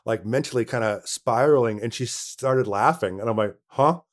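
Speaking at medium pitch and a moderate pace, an actor being interviewed casually shares stories from set. He performs the quoted lines of people who spoke to him as he tells them.

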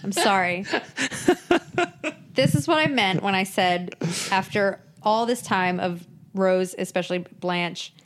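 Excitable woman podcaster. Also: mid-range voice, measured pace. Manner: excitable, acts out lines from the show. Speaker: podcast co-host. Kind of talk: casual chat recapping a sitcom episode.

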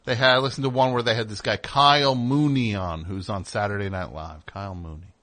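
A man's voice: lowish voice, steady tone, a little fast, a bit bright. Sarcastic, rambling talk show host man. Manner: rambling sarcastic riffing with frequent fillers. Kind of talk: comedic talk show monologue.

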